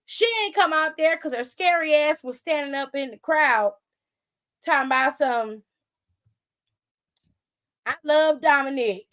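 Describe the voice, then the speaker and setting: A woman giving a casual, animated and profane wrestling recap with a sassy storytelling manner. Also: high-pitched, moderate pace. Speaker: wrestling show commentator.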